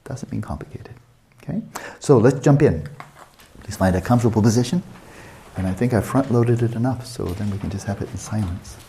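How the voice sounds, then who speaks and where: A man guiding a meditation session as a teacher, unhurried and questioning, often checking in with his listeners. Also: lowish voice, mellow, a little hiss or hum.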